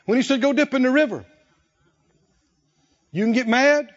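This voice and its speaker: A man's voice: very high voice, moderate pace, muffled recording. A man preaching a sermon, telling stories dramatically and acting out the voices of the people in them. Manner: dramatic storytelling, acting out voices, shouting peaks.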